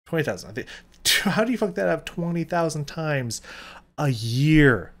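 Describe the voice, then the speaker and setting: A man giving casual reaction commentary, ranting and swearing, swinging between loud outbursts and low muttering, his voice strained. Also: lively intonation, normal speed. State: voice strained, recovering. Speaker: video reactor.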